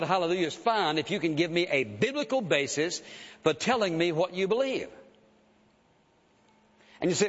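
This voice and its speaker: Man, preacher, emphatic sermon, somewhat high pitch, muffled lo-fi sound. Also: expressive, normal speed, long pauses, a bit bright. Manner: earnest, emphatic, repeats "listen". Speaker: pastor. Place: church sanctuary. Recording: dull sound with long hall reverb.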